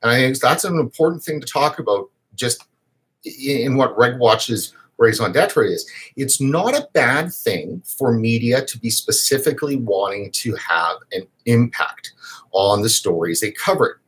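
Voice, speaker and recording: A man's voice: mid-range voice, animated, unhurried, fairly bright tone, slightly rough. A man hosting his own vaping news show, talking casually and emphatically on a live stream, rambling with fillers and restarts.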